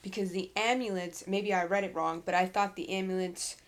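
A woman's voice: mid-range voice, steady tone, fairly quick. A woman co-hosting a podcast about a book, chatting casually and reading passages aloud. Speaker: podcast co-host. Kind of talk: casual book-club chat.

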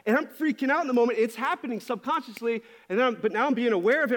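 High-voiced man, candid pastor. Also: racing, hardly any pauses, a bit bright. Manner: confessional, self-searching, with frequent restarts. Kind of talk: candid sermon.

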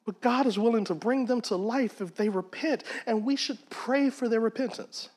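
A man's voice: very high voice, moderate pace, darkish tone. A man teaching a Bible study in a conversational preaching manner. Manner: conversational, acts out quoted voices.

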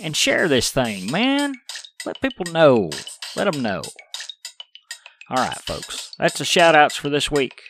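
A man's voice: on the high side, wildly swooping pitch, slow pace, over music. A middle-aged man hosting a podcast, ranting in an exasperated, profane way. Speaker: podcast host. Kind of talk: casual ranting podcast talk.

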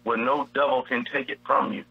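A man's voice: medium pitch, flat delivery, brisk, lo-fi sound. A man teaching from the Bible in a preacherly style on a radio show, repeating his key phrases. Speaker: guest preacher.

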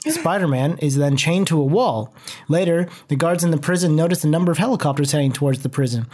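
Guy on a podcast reading comic recaps, bit high voice, brisk. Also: lively intonation, darkish tone. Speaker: podcast co-host.

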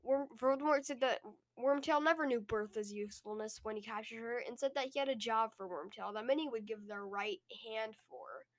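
Young woman reading her recap notes, lots of uhs and likes, bit high pitched. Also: brisk. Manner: hesitant, reads from notes. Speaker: podcast co-host. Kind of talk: casual chapter recap.

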